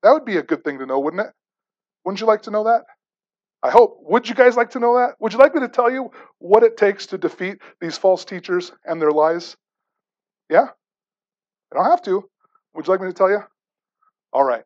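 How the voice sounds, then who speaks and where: A man's voice: sits high, lively intonation, normal speed, pauses often, darkish tone, lo-fi sound. A man preaching a sermon as pastor, repeating rhetorical questions and restarting words with stammers.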